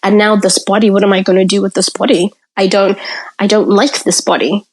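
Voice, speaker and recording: A woman's voice: mid-range voice, flat delivery, brisk, husky, low-quality recording. A woman, a podcast guest frankly recounting her childhood in the present tense. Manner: candid, frank, tells the story in present tense. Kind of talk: personal storytelling in conversation.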